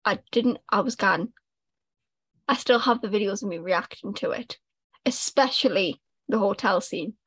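A woman's voice: medium pitch, normal speed, husky, no echo. A young woman, co-hosting a casual podcast and telling stories animatedly, acting out quotes. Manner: animated storyteller, acts out quotes. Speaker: podcast co-host. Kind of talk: casual chat.

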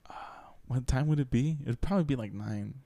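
A man's voice: mid-range voice, a little fast, gravelly, mellow, no echo. A young man co-hosting a casual chat podcast, rambling with lots of fillers, apologizing and laughing often. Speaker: podcast co-host.

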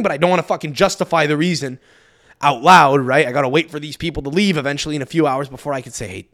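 A young man hosting a podcast, telling a story as a profane, animated rant that swings between loud outbursts and muttered asides. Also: fairly high pitch, rapid-fire. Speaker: podcast host. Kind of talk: ranting storytelling monologue.

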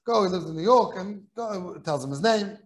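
A man, a rabbi, giving a Talmud class in a kollel study hall, telling a story in an animated way and repeating words when excited. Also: sits high, moderate pace.

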